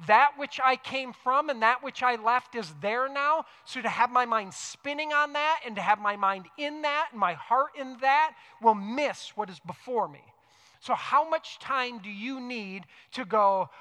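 A man preaching a sermon earnestly, repeating key phrases for emphasis and dropping into soft, reflective tones. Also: very high-pitched, measured pace, long reverb tail. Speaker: pastor. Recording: music playing underneath.

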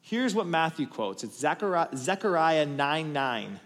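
A man preaching, his voice sitting a little high for a man and swinging widely in pitch. He tells the story with animated build-ups, getting loud and emphatic before dropping to quiet asides. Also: a little slow, few pauses, long reverb tail. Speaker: pastor. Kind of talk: sermon.

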